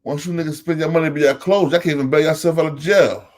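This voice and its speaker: A man's voice: on the high side, fairly even intonation, fast, darkish tone. A man with a New Jersey accent, a host giving a casual monologue, calling out names and repeating his phrases for emphasis. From Elizabeth, New Jersey.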